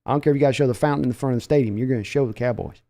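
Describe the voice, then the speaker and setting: A man's voice: medium pitch, rapid-fire, creaky, warm tone, close to an everyday voice. A man doing an impression of a bossy, blustering older team owner who talks down to everyone.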